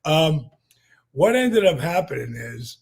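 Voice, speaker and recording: A man in his sixties, a podcast guest telling a story in a lively, profane way with many fillers, acting out what people said. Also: a little high, slow, creaky, husky. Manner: profane, acts out quotes, lots of fillers. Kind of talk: animated storytelling.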